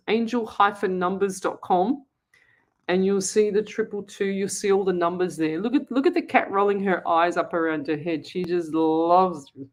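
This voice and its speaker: Chatty woman hosting live. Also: medium pitch. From Australia. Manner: chatty, upbeat, thinks aloud. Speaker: psychic medium radio host. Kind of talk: live chat reading out viewer comments.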